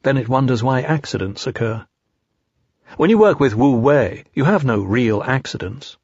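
A man reads an audiobook in a calm, measured way, with a husky voice at a middle pitch. The recording is dry, with no room sound. It also sounds dull and lo-fi. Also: no echo. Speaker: audiobook narrator. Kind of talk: audiobook reading.

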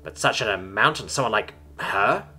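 A man's voice: medium pitch, sing-song, fast, sharp tone, faint music behind. A man voicing a stern male alien officer who speaks dry and curt.

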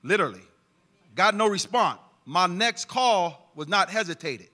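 Earnest bright-voiced man testifying. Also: sits high, animated, a little slow. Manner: earnest, preaching to the congregation. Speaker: church testimony speaker. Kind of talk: emotional church testimony.

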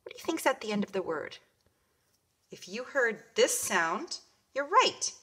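A woman kindergarten teacher giving a home lesson to young children, sounding out words slowly. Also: on the high side, very animated, bright, forceful tone, breathy edge. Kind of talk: home learning video lesson.

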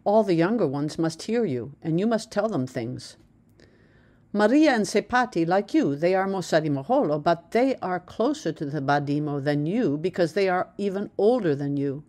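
A woman voicing a proud old male village elder who speaks slowly and emphatically, tender yet commanding. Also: lowish voice, lively intonation, dark tone, natural voice. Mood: earnest. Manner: slow, emphatic, solemn.

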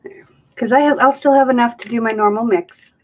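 A woman's voice: on the high side, fairly even intonation, fairly quick, dull audio. A woman hosting a live craft demonstration, chatting casually and thinking aloud as she mixes and counts. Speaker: acrylic pouring artist hosting a live stream.

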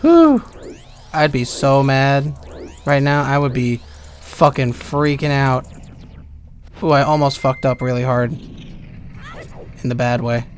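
A man's voice: medium pitch, lively intonation, slow pace, long pauses, a little hiss or hum. A man giving rambling, sarcastic gameplay commentary, swearing freely at his viewers. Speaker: let's play commentator.

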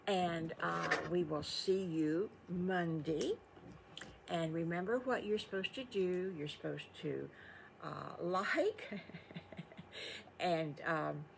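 A woman's voice: on the low side, gravelly, a little hiss or hum. An older woman telling an improvised children's story in a folksy, chatty way, with asides to her listeners.

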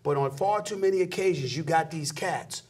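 A middle-aged man in an animated interview, emphatic and preachy, dropping low then shooting up into high exclamations. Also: moderate pace, breathy edge. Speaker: sports commentator guest.

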